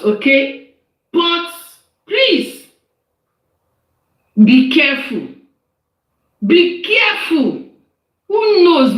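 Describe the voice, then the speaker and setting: Woman going off on someone, high swooping voice, keeps repeating herself, echoey room. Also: a bit bright. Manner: scolding, repeats lines for emphasis, rhetorical questions. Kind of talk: angry live-stream rant. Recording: echoey live-stream audio.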